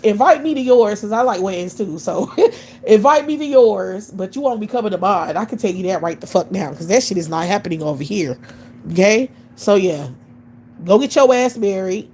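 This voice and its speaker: A woman's voice: medium pitch, a little mellow, a little hiss or hum, low-quality recording. A woman in her late thirties ranting bluntly on a live stream, scornful and swearing constantly. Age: 30s. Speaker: livestream host. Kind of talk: profane live-stream rant.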